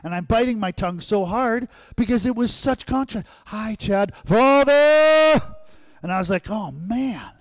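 A male pastor preaching a sermon in church, telling stories and acting out voices, swinging between loud and hushed. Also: high voice, moderate pace, few pauses. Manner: animated storyteller, acts out quotes, swings from loud to hushed.

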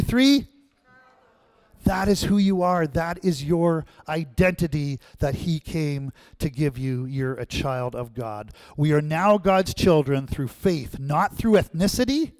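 A pastor preaches to his congregation in a fairly high male voice. He keeps throwing questions back at the room and swings between loud, emphatic lines and quiet asides. The sound is close and dry, with no room echo. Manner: call-and-response, asking the congregation questions. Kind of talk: sermon.

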